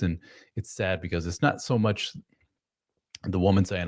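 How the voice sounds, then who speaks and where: A man with a very low, deep voice hosts a live advice chat, speaking frankly and bluntly. He swears casually and talks straight to his listeners with no sugarcoating. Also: expressive, normal speed, darkish tone. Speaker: host.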